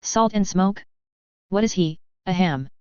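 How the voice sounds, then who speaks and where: A woman's voice: on the low side, expressive, measured pace, a little mellow, clean tone, no echo, highs cut off. A woman voicing a smug, mocking young nobleman in a fan fiction reading, her tone smirking and taunting.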